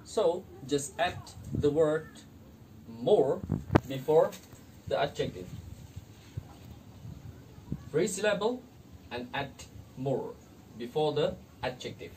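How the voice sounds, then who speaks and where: A young student teacher from Indonesia talks through an English grammar lesson at a very slow pace. Each example word comes twice, and the phrasing is non-native. The mic sits some way off, with faint noise behind. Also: medium pitch, very animated, far from the mic. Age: young adult.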